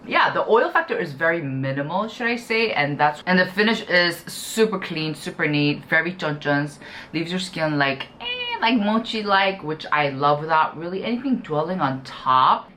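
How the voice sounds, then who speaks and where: A woman's voice: low voice, sharp tone. A young woman chatting casually to camera as she reviews skincare products, gushing and full of "you know" and "like". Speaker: beauty YouTuber.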